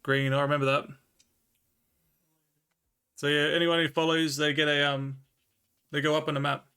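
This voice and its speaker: A laid-back Australian man chatting with his live viewers in a bright, forceful voice. His pitch sits a little high for a man, and he slows right down when he reads old scripture aloud. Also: level tone, smooth. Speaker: livestreamer.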